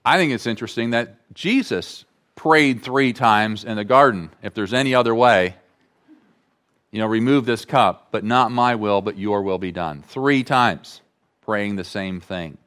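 A man preaching a sermon as pastor, slow and deliberate, repeating key phrases for emphasis. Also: lowish voice, a bit bright.

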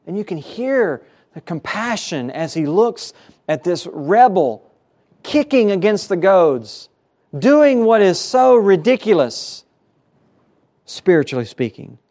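A man's voice: fairly high pitch, a little mellow. A man preaching a sermon as pastor, earnest, his voice rising and falling for emphasis, at times repeating words.

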